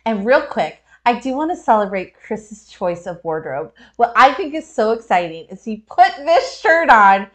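A woman's voice: fairly high pitch, sing-song, moderate pace, hardly any pauses, fairly bright tone. A woman co-hosting a casual comedic reaction show, gushing and teasing with frequent laughs. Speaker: co-host reacting to concert footage.

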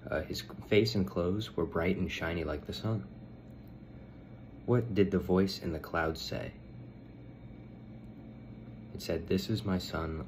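A man calmly asks children simple questions about a Bible reading. His voice is very deep. The recording carries a steady hiss of background noise. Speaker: Sunday school teacher.

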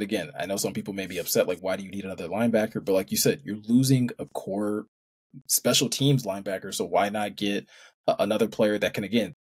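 A man co-hosting a casual sports chat, measured and hedging his points. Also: on the low side, slightly rough. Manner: measured, hedging with "again" and "I mean". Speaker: co-host.

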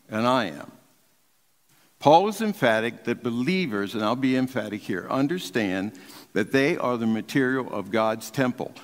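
Older man preaching in a reverberant hall. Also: medium pitch. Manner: emphatic preaching that swings from loud to hushed. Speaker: pastor. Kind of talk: sermon. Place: large church sanctuary.

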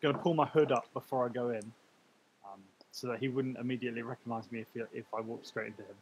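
A man's voice: mid-range voice, steady tone, fast talker, dull audio. Male player, playful and hesitant, light hiss on the line. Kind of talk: casual tabletop play.

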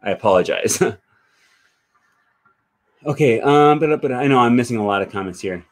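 A man's voice: mid-range voice, animated, normal speed. Chatty man teaching languages, lots of "okay". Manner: chatty, frequent "okay" and "um" fillers, thinks aloud. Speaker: language teacher and channel host. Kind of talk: casual livestream talk reading viewer comments.

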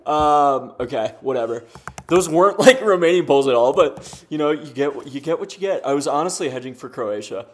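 A man's voice: on the high side, expressive, a little fast. A young man commentating his own game, frustrated, rambling and swearing with lots of fillers. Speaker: gaming streamer. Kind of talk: casual commentary while playing.

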